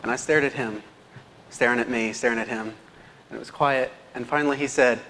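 Brisk and steady, with a medium-pitched, slightly bright voice, the young man preaches a lay sermon full of self-deprecating stories and chuckles. The church hall adds long reverb, and there's a faint hiss or hum.

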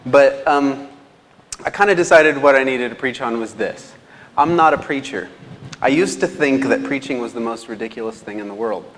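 In a church hall with long reverb, this young teacher and lay preacher tells stories at his own expense, chuckling often. He speaks at a moderate pace in a medium, slightly bright voice.

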